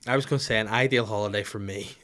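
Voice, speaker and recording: A man's voice: fairly low pitch, very fast. Male podcast host, 30s, crude sweary comic chat. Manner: crude, sweary, animated storytelling.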